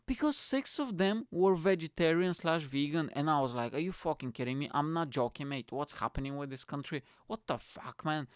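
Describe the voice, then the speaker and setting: Animated, profane ranting man. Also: fairly high pitch, clear, resonant tone, dry recording, studio quality. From Bulgaria. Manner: animated, profane, lots of filler phrases. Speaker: podcast host. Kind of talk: comic ranting monologue.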